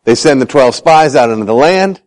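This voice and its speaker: Poor audio captures a medium-pitched man preaching a little fast. Poking fun at himself, he recounts Bible stories and acts out each quoted voice with animation.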